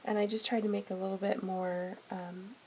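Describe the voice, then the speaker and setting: A woman with a mid-range, fairly flat voice talks at a normal speed to the camera from her home closet for a family vlog. The recording is rough, with a slight hiss or hum. Chatty and rambling, she fills her talk with "um" and "you know" and trails off more softly.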